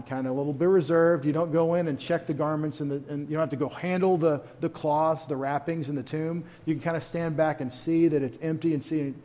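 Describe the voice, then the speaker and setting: A man's voice: a little high, darkish tone. A man leading a church Bible study in a folksy, conversational way, with humorous asides.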